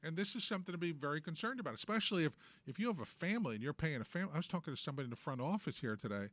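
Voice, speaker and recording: A man's voice: on the high side, lively intonation, racing, a bit bright, dry recording. A man with a New York accent hosting a political talk show, ranting in a sarcastic, emphatic way. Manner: opinionated, sarcastic, emphatic rants. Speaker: host.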